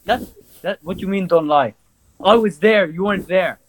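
A young man telling stories on a casual podcast, animated, swearing freely and laughing as he talks. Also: sits high, normal speed, poor audio. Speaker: podcast co-host. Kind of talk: casual storytelling chat.

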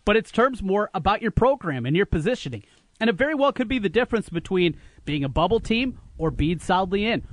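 A man's voice: high voice, no room sound. A man hosting sports talk radio, arguing his points emphatically from a studio. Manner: animated, emphatic, opinionated.

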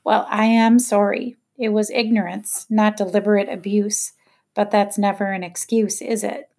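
A woman voicing a brisk, stern middle-aged woman guardian who speaks curtly and matter-of-factly. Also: mid-range voice, little pitch movement, darkish tone, close to an everyday voice. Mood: rueful. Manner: curt and matter-of-fact.

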